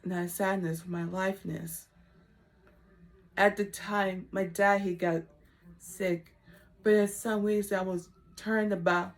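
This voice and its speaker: A woman talking to camera in a personal vlog, halting and emotional, with simple, repetitive phrasing that often sinks to a soft whisper. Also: mid-range voice. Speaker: vlogger.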